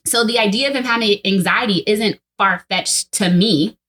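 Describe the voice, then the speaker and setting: A woman's voice: mid-range voice, moderate pace. Playful, casual woman in podcast chat. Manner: casual, playful, reasoning out loud.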